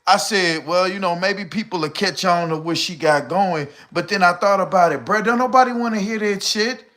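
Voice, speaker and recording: A middle-aged man chats loosely through his live stream, slangy and rambling as he answers comments. He sounds short of breath, with a bright, forceful voice sitting a bit high. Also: normal speed. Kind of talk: casual live stream chat reading comments.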